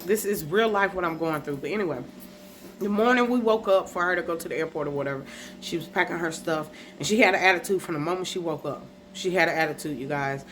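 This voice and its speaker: A woman's voice: on the low side, fast talker, a bit bright, a little hiss or hum. A woman hosting her own podcast, telling a personal story in a casual, upset way and often speaking straight to her viewers. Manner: dialect grammar, casual slang. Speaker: podcast host.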